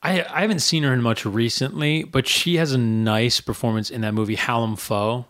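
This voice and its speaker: A man co-hosting a film podcast, his voice of ordinary pitch. He lays out his opinions in a deliberate, conversational way. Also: a bit bright. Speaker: podcast co-host. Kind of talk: casual film discussion.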